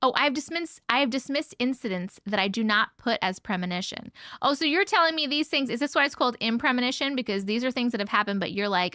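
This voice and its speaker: Woman host, chatty livestream story reader; bright, lively voice, dry close sound. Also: fairly high pitch, quick pace, no echo. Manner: chatty, laughs often, swears casually. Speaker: host reading viewer stories. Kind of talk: casual livestream chat and story reading.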